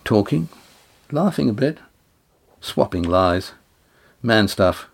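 A man voicing a young woman who speaks in a gentle, reassuring way in an audiobook. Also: on the low side, big pitch swings, takes it slowly, vocal fry, slightly rough, exaggerated voice. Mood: tender. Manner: reassuring, coaxing. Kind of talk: audiobook character voice.

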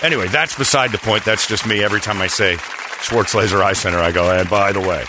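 A man hosting a radio show, chatting casually and telling a rambling, animated story with a jokey, irreverent edge. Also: fairly low pitch, fast talker, crowd noise, noisy background. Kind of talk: casual on-air banter.

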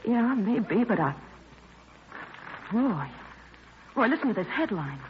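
An actress playing a gangster's devoted companion, soft and anxious, in 1940s radio acting. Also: female voice, a little high, big pitch swings, slow. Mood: worried fond. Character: devoted young woman, gangster's loyal companion. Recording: dull old radio recording with faint hiss.

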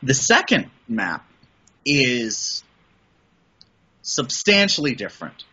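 A man's voice: mid-range voice, sing-song, slow pace, bright, forceful tone, breathy edge, dull audio. A middle-aged man from the Midwest, chatting casually as a podcast guest, rambling enthusiastically with frequent restarts. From American Midwest. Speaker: podcast guest, voice and audio producer. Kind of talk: casual interview chat.

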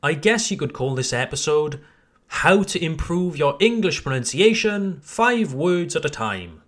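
A man teaching English pronunciation in a podcast lesson, speaking deliberately and stressing key points. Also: a little high, big pitch swings, fairly bright tone. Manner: slow, deliberate, emphatic teaching.

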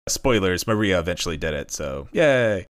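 A male podcast host who recounts events in a relaxed, chatty way with many fillers. His voice is fairly low. It sounds smooth and clear. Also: normal speed. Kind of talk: casual narration of a story.

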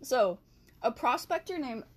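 A woman's voice: sits high, animated, a little slow. A woman hosting a podcast, narrating history in a casual way, with chatty asides and self-corrections, speaking into a handheld mic. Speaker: podcast host. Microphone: handheld mic she has to hold still.

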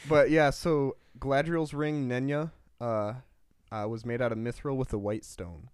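A man's voice: medium pitch, steady tone, normal speed, darkish tone, smooth, dry recording. Easygoing young man, dry mic. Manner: easygoing, encouraging. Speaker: podcast co-host. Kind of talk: casual book chat.

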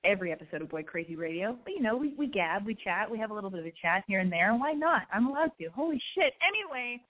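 A woman's voice: medium pitch, very animated, quick pace. A woman hosting a call-in podcast, brash, chatty and profane, with a slight lisp and allergy congestion. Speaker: call-in show host. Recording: tinny phone-quality sound.

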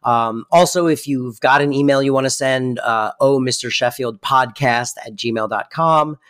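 A man's voice: medium pitch, normal speed, a bit bright. A man co-hosting a podcast in casual chat, teasing and joking dryly. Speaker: podcast co-host.

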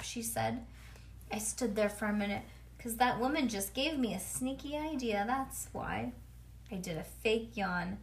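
A woman's voice: on the high side, a little slow. A woman reading a children's storybook aloud to her child, with chatty asides between pages. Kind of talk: bedtime read-aloud.

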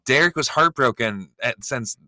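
A man's voice: medium pitch, moderate pace, no room sound. A man co-hosting a casual podcast, joking and laughing while doing a watch-along commentary. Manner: joking, animated, laughs often. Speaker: podcast co-host.

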